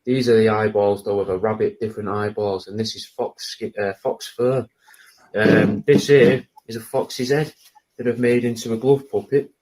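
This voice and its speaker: A man showing off his odd handmade crafts in a flat, matter-of-fact way. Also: fairly low pitch, normal speed, poor audio. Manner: matter-of-fact, deadpan, calling people "mate". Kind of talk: deadpan show-and-tell.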